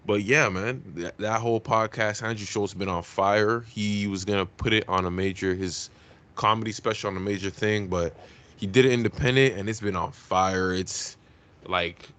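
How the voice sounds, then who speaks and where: A man co-hosting a podcast in casual chat, full of slang and eager shout-outs. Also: lowish voice, fairly even intonation, moderate pace, clear, resonant tone. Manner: enthusiastic, gives shout-outs, uses slang. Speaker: podcast co-host.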